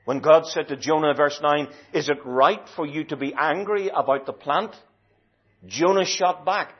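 A man preaching a sermon in a slow, deliberate and emphatic way, stretching key words. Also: mid-range voice, animated, slightly rough. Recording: dull lo-fi recording.

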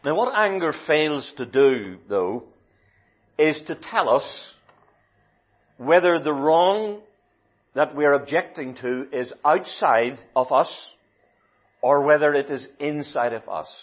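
A man preaching a sermon in a slow, deliberate and emphatic way, stretching key words. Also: medium pitch, animated. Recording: dull lo-fi recording.

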